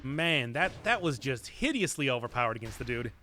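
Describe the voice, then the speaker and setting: A young man live-streaming a game, chatting casually and answering chat in an animated, self-mocking way. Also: mid-range voice, a little fast, slight background noise. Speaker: gaming streamer.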